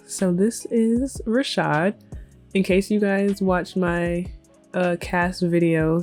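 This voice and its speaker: Mellow-voiced woman narrating a life-sim game. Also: lowish voice. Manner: chatty, storytelling. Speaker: let's play host. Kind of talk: casual game commentary. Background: faint music.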